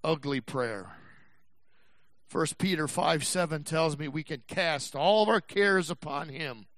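A male pastor preaching a sermon, swinging from shouted passages to quiet, slow, emphatic stretches. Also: a little high, no room sound. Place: church.

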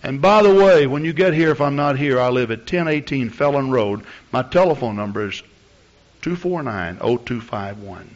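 A man's voice: mid-range voice, animated, moderate pace. A man preaching a sermon as pastor, talking plainly with the congregation and building to fervent outbursts. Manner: conversational preaching that builds to loud, fervent exclamations. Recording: dull lo-fi recording.

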